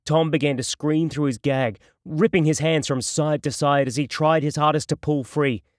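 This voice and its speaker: A man narrating a crime novel audiobook in a steady, measured storytelling voice. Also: fairly high pitch, dry recording, studio quality.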